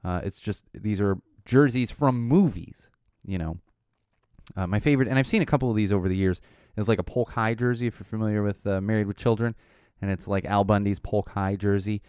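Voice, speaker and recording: A middle-aged man hosting a podcast, rambling casually with lots of fillers, his voice a little hoarse and tired. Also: fairly low pitch, a little fast, no echo, clean studio sound. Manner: rambling, animated, frequent "uh" fillers. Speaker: podcast host. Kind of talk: casual solo chat.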